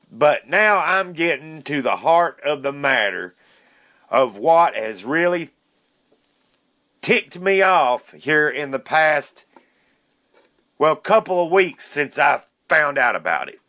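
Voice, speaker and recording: Male podcast host, fairly high voice, indignant ranter, dry close sound. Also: bright, forceful tone, no room sound. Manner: indignant, fired-up ranting with cursing. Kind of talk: casual ranting monologue.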